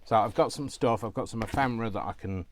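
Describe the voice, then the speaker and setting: Male crafting vlogger, low-pitched, rambling self-talk while sorting supplies, faint background hiss. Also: fast. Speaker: crafting channel host. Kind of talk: casual crafting vlog chat.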